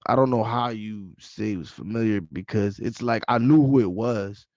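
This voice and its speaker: A man hosting a podcast in casual chat, animated and insistent, repeating his points. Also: fairly low pitch, moderate pace, dry recording, dull audio. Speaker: podcast host.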